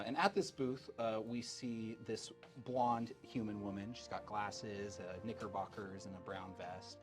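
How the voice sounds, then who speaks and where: A man narrating as game master of a tabletop game in a loose, chatty way with many fillers. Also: medium pitch.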